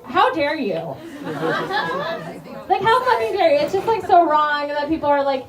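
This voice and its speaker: A woman performing a stand-up comedy set, rambling and self-mocking with lots of fillers, laughing at her own jokes. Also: fairly high pitch. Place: small bar venue with live audience. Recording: echoey bar recording from far off, loud crowd.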